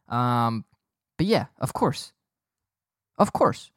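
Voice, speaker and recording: Joking, boastful young podcast host. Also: male voice, medium pitch, expressive, normal speed, dry recording, clean studio sound. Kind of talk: casual podcast monologue.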